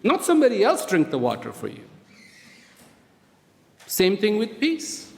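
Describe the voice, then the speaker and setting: A man giving a motivational talk to prison inmates, speaking slowly and deliberately and asking many rhetorical questions. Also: high-pitched, wildly swooping pitch, creaky. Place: prison hall. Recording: reverberant hall.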